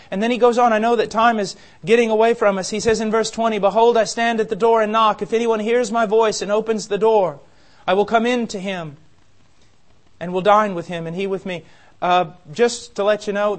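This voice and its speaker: Male preacher, high voice, impassioned sermon delivery with sharp loud-soft swings. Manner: impassioned, emphatic, shifts between quiet and loud.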